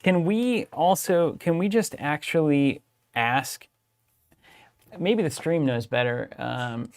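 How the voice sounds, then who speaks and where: A man's voice: a little high, takes it slowly, darkish tone, clear, resonant tone, dry recording. A man co-hosting a card game live stream, joking and teasing in casual banter on a studio broadcast mic. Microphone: studio broadcast microphone on a boom.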